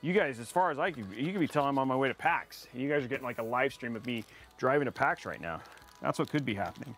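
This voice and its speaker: A man's voice: mid-range voice, expressive, fast talker, a bit bright, slightly rough. A man live-streaming a PC build, talking to his chat in a playful, rambling way and teasing them.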